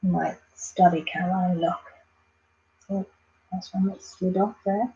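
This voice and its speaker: A woman's voice: fairly low pitch, fairly even intonation, slow, dark tone, muffled recording. A woman hosting a casual craft livestream, chatting and reading out viewer comments. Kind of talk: casual live chat while crafting.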